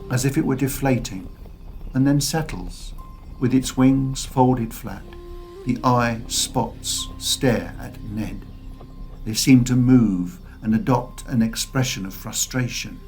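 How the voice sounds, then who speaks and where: A man narrating a fantasy audiobook in a slow, expressive storytelling voice. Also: mid-range voice, faint music behind.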